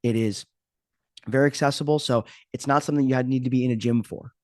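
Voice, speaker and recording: A man hosts his podcast in a loose, unscripted monologue, joking at his own expense and rambling from one thought to the next. His voice sits at an ordinary middle pitch, and the sound is dry with no room echo. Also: steady tone, fast. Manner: joking, rambling, self-mocking. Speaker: podcast host. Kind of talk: casual podcast intro monologue.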